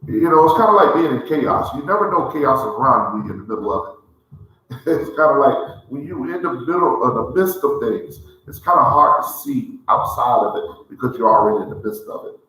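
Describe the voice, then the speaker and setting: A man's voice: mid-range voice, lively intonation, brisk, pushed and bright. Rambling man in a very echoey room. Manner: rambling, repeats "let me say it like this here". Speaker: cigar show host. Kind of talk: casual heartfelt talk. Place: large indoor room in a historic building.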